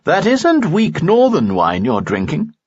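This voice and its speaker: A man voicing a wry, knowing middle-aged informant, his voice raised above his own narration, with a husky sound on a dull, lo-fi recording. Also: a little high, wildly swooping pitch, a little slow, darkish tone, pitched above the performer's own voice, exaggerated voice. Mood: teasing.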